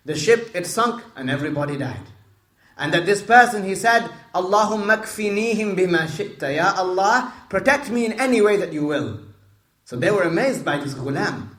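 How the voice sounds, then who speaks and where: A man's voice: on the high side, a bit bright. A man retelling a hadith story to listeners, repeating phrases, explaining Arabic terms and asking them questions as he goes. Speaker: religious storyteller. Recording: roomy echo.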